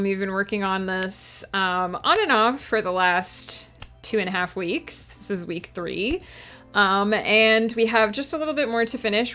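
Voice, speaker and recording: A woman's voice: mid-range voice, bright, forceful tone. A woman author streaming her work, chatting casually with her viewers and laughing often. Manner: giggly, chatty, talks to viewers. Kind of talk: casual livestream chat.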